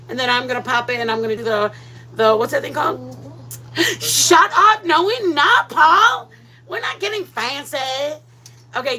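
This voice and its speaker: A woman's voice: high voice, sharp tone, low-quality recording. A woman hosting a casual cooking livestream, rambling and greeting viewers by name. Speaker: cooking channel host.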